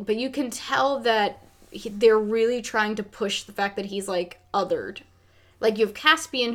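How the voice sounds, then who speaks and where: On a podcast, a female co-host gives her candid take on a film in a laid-back chat. Her medium-pitched voice is a bit bright, and her speech is full of filler words with an occasional swear word.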